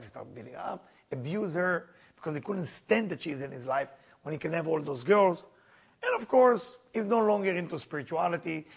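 A man telling a spiritual story as a lesson in broken, non-native English, with lively asides to his listeners. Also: high voice, creaky, breathy edge. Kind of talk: storytelling sermon.

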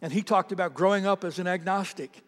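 A man's voice: high voice, fast, a bit bright. A man preaching a sermon as a pastor, telling stories earnestly and repeating words as he builds them. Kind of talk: sermon storytelling. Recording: long reverb of a large hall.

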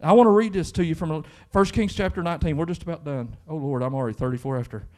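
A man's voice: on the high side, fast, a little mellow. A man with a Kentucky accent, preaching a sermon in church in a conversational style that rises into fervent emphasis. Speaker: pastor.

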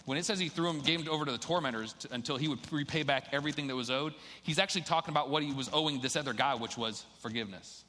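A man's voice: on the high side, rapid-fire, hardly any pauses, bright, forceful tone. A man preaching a sermon in a casual, conversational way, reading scripture aloud and then explaining it to the church. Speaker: pastor. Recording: long hall reverb.

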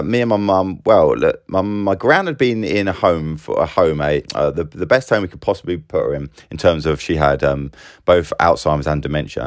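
A middle-aged man talking through a rambling, animated personal monologue, full of restarts. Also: very deep voice, no echo, studio quality. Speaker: business owner vlogger.

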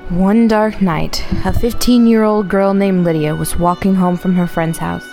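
A woman's voice: medium pitch, fairly even intonation, a little slow, dark tone, soft background music. A woman narrating a scary story on a comedy podcast, with a sarcastic turn at the end. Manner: spooky storyteller turning sarcastic.

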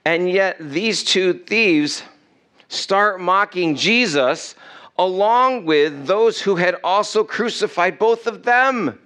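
Guy preaching in church, kinda high voice, chatty, throws questions at the crowd. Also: expressive, slow, pushed and bright, clear, resonant tone. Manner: conversational preaching with rhetorical questions. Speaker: pastor. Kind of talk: sermon.

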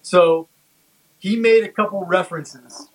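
A man co-hosting a casual podcast chat, talking haltingly with many fillers and restarts. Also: high voice, rough recording. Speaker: podcast co-host. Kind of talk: casual chat reviewing a comedy special.

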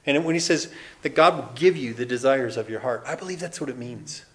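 A man in his forties preaching a sermon in a church, animated, acting out voices and laughing often. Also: medium pitch, a little fast. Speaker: pastor. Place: church building.

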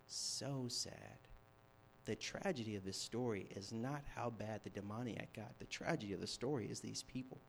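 A young man preaching a sermon, telling a story with animated shifts from hushed to loud. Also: lowish voice, moderate pace, vocal fry, a little hiss or hum. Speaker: campus ministry preacher.

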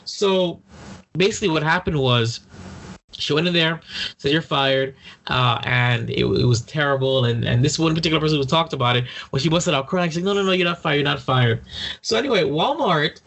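A man's voice: a little high, lively intonation, moderate pace, fairly bright tone. A man hosting a podcast over a call, chatting casually and jokingly with frequent restarts. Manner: rambling, joking, many restarts. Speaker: podcast host. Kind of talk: casual chat. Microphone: video call setup.

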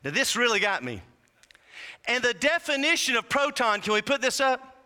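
Male preacher, fervent sermon with jokes, very bright and clear, echoing hall. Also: very high voice, very animated, normal speed. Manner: fervent, builds to shouting whoops; humorous asides to the congregation. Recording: long hall reverb.

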